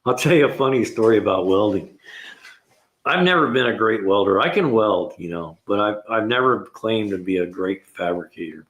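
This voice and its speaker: Older male mechanic host with a somewhat low voice, rambling through shop stories and chuckling as he acts out his own lines. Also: lively intonation, normal speed, fairly bright tone. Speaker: host of a car repair live show. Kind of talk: casual shop talk.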